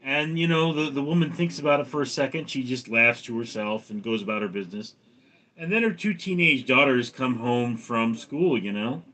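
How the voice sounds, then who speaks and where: A man's voice: mid-range voice, lively intonation, moderate pace, sharp tone, rough recording. A man hosting a casual livestream, telling long dirty jokes in a rambling way with many restarts. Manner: rambling storyteller, acts out voices in jokes.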